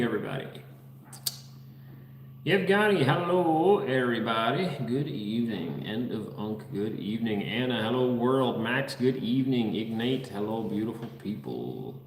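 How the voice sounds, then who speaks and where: Man from the netherlands, relaxed livestream host, fairly low voice, reverberant half-built room, faint hum. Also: moderate pace, creaky. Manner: easygoing, reads viewer names aloud. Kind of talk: casual chat reading live comments. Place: unfinished house under construction.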